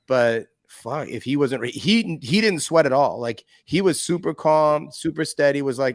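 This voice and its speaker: A man's voice: mid-range voice, normal speed, few pauses, no room sound. Laid-back Canadian man, dry sound. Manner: laid-back, swears casually. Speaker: podcast co-host. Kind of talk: casual sports chat.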